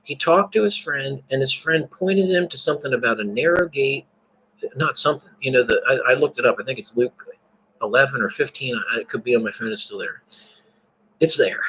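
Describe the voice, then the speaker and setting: A man giving a casual, candid talk about faith, animated, swearing and laughing often. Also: mid-range voice, fairly quick, slightly rough, poor audio.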